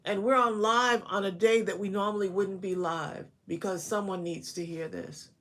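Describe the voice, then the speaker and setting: A woman's voice: mid-range voice, fairly even intonation, moderate pace, fairly bright tone. Encouraging woman co-hosting a live stream. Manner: encouraging, affirming, addressing viewers directly. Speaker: co-host of live-stream craft show. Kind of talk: casual live-stream chat.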